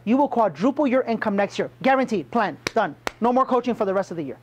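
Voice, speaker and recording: A man's voice: high-pitched, lively intonation, quick pace, muffled recording, a little hiss or hum. A man coaching a room of salespeople, emphatic and punchy, firing questions at his audience. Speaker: sales trainer. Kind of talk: motivational sales training talk.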